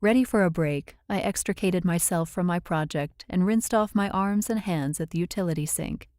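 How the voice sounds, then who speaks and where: Low, mellow woman narrating a novel. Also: dry recording, clean studio sound. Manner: measured, even storytelling. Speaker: audiobook narrator. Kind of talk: first-person audiobook narration.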